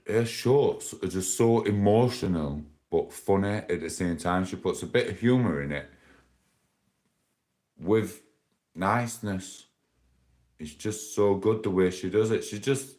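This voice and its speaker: A man with a very deep, low voice talks to his viewers on a live stream. He rambles casually and laughs often. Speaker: livestreamer.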